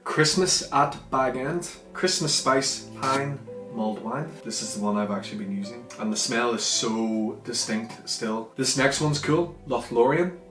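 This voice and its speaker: Young northern irish guy chatting away on his vlog, excited then going soft, roomy echo, a bit of music under it. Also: mid-range voice. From Northern Ireland. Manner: chatty, enthusiastic, drifts between loud and soft asides. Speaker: vlogger. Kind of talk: casual food vlog chat. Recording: echoey room with faint music.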